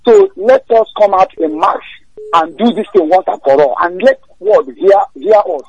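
A man's voice: high-pitched, expressive, normal speed, a little mellow, breathy edge. A man with a Nigerian accent, from Imo State, calling in to a radio show, speaking urgently and repeating himself. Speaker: caller. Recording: muffled phone line.

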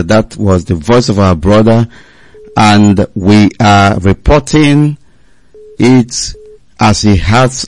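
A man's voice: lowish voice, darkish tone, no echo, rough recording. A man presenting a live radio broadcast, speaking in a declamatory, emphatic way.

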